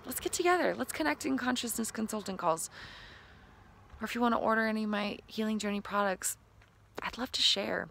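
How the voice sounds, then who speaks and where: A woman's voice: fairly high pitch, fairly quick, fairly bright tone, a little hiss or hum. A woman giving an enthusiastic, playful motivational talk to camera as a self-help vlogger. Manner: enthusiastic, breathy and playful, laughing often.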